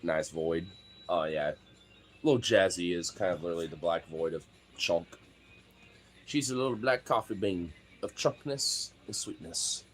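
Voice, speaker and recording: A man with a fairly low voice, talking casually. He rambles through joking, slangy banter. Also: measured pace, faint music behind. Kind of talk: casual chat.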